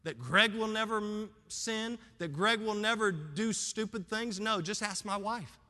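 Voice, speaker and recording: A male pastor preaching in a church with a high, bright, forceful voice that carries through a long, echoing hall. He drops to a soft plea one moment and rises to fervent, loud preaching the next, sometimes running short of breath. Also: a little slow. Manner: swings from hushed pleading to loud fervent preaching. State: out of breath at times. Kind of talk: sermon. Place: church sanctuary with congregation.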